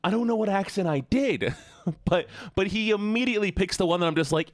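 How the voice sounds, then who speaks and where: Young male streamer, low and lively, rambly, dry sound. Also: a little fast, dry recording. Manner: chatty, rambling, repeats words, laughs often. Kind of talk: casual chat with viewers.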